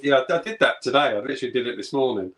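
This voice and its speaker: A man's voice: mid-range voice, very fast, a bit bright. A man chatting casually and easily with friends. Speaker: live stream co-host. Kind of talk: casual pub chat.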